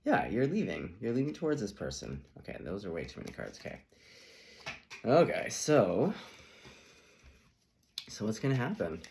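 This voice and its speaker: Lively low-voiced man giving a tarot reading. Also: fast talker, gravelly, few pauses, a little hiss or hum. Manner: playful, chatty, acts out quoted reactions. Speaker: tarot reader.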